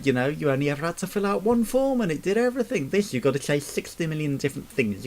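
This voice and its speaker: A man ranting to camera, swearing constantly and sounding exasperated and sarcastic. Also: a little high. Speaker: vlogger. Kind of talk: angry rant to camera.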